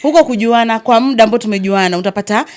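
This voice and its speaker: A woman's voice: on the high side, racing. A woman with a Kenyan accent in a casual podcast discussion, switching languages mid-sentence and laughing now and then. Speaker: podcast co-host.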